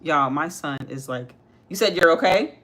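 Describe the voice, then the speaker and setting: A woman's voice: low voice, expressive, moderate pace, fairly bright tone. A young woman hosting a casual livestream, chatting with viewers as she works and talking with her child. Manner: chatty, talks to viewers while doing makeup. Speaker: livestream host, mother.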